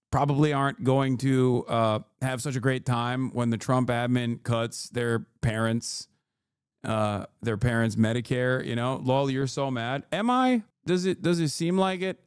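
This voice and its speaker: A man's voice: medium pitch, clean tone, no echo, studio quality. Sarcastic man streaming his reactions. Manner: sarcastic, mocking, laughs often. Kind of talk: casual live-stream commentary.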